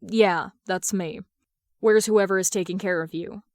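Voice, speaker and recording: A woman reading aloud as a gruff young male vigilante who speaks slowly and keeps his voice soft and steady. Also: no room sound, studio quality, close to an everyday voice. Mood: gentle. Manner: low, slow and steady, softened for children.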